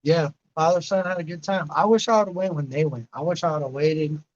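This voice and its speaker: A man's voice: a little high, a little fast, lo-fi sound. A man in his late thirties hosting a livestream, rambling casually and answering chatters by name. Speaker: livestream host reading chat.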